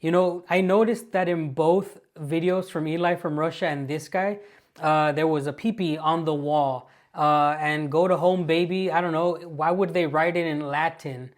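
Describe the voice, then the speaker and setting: A woman's voice: low voice, steady tone, moderate pace. An American woman hosting her channel, talking straight to viewers in amused, mocking commentary on clips. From United States. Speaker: channel host.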